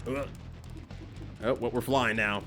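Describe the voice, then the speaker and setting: A man's voice: mid-range voice, steady tone, slow pace, a bit bright, faint music behind. A man streaming a game live, giving loose, joking commentary that swears casually and rambles between bits.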